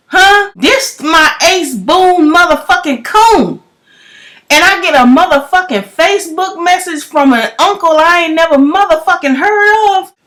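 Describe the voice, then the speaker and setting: A young woman, telling a story in a loud, profane vlog rant full of emphatic rhetorical questions. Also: sits high. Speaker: vlogger.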